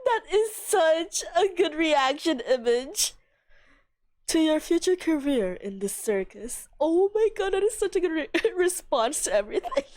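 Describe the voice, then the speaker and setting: Giggly woman streamer, casual game chat, high lively voice, game music behind. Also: measured pace. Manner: giggly, excitable. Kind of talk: casual let's-play chat.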